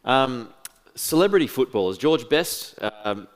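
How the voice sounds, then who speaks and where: A man moderating a fireside chat, asking measured questions with brief asides to the audience. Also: mid-range voice, very animated. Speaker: interviewer.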